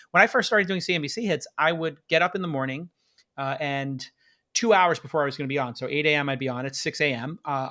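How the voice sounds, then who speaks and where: A man hosting a live-streamed podcast, talking excitedly and hyping up his audience. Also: medium pitch. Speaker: podcast host.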